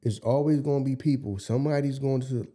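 A man co-hosting a casual podcast discussion, talking deliberately and driving his points home through repetition. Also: mid-range voice, steady tone, mellow. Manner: deliberate, hammers points by repeating them. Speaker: podcast co-host.

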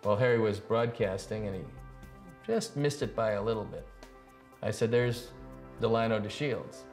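A man's voice: on the low side, normal speed, darkish tone, faint music behind. A man telling anecdotes in an interview about a former broadcast partner, acting out both sides of the dialogue in a wry way.

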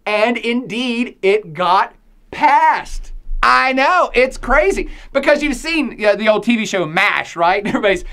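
An irreverent male lecturer keeps the tone loose and slangy. He laughs often and quizzes the class with rhetorical questions. His delivery stays animated and conversational. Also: very high-pitched, unhurried.

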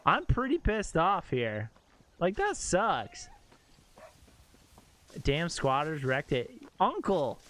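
A young man streaming a game live, reacting out loud, exclaiming and swearing as he talks to his chat. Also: a little high, huge pitch swings, slow, long pauses. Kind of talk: live gameplay commentary.

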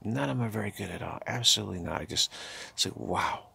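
An older man giving a halting, repetitive spiritual talk, slipping into soft murmured chanted phrases. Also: on the low side, animated, gravelly, husky. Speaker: spiritual teacher.

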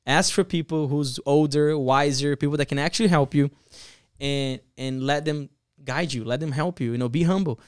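A man's voice: on the high side, moderate pace, clean tone, no room sound, clean studio sound. Earnest man telling stories on a podcast. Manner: earnest, animated storyteller who acts out quotes. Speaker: pastor, podcast guest. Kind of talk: casual podcast storytelling.

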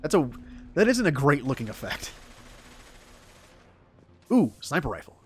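A man's voice: a little high, sing-song, a little slow, a little hiss or hum. A man chatting casually over gameplay, rambling and poking fun at himself. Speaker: gaming streamer. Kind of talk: casual let's-play commentary.

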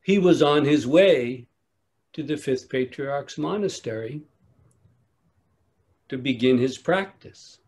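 A man giving a dharma talk at a retreat, telling a teaching story in a measured way with long pauses. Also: medium pitch, lively intonation, darkish tone. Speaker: meditation teacher.

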